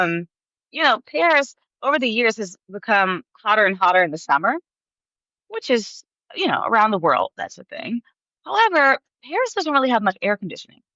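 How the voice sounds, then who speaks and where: A woman in her thirties tells her story as a podcast guest, laughing often and acting out the voices of others. Her tone is bright and forceful. The sound is dry and a little dull, as if on a modest mic. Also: mid-range voice, dry recording. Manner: animated, laughs often, acts out quoted voices. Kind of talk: storytelling in an interview.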